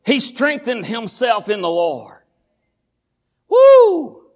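A man with a Texan accent preaches with fervor, his voice pitched unusually high for a man. He often breaks into shouts and drives his points home by repeating phrases. He sounds middle-aged. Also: moderate pace. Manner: fervent, often shouting, repetitive preaching cadence. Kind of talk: sermon.

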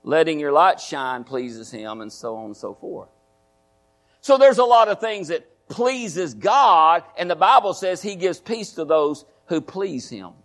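High-voiced folksy male preacher. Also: animated, a little slow, a bit bright. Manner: folksy, repeats phrases, asks the congregation questions. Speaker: pastor. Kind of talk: sermon.

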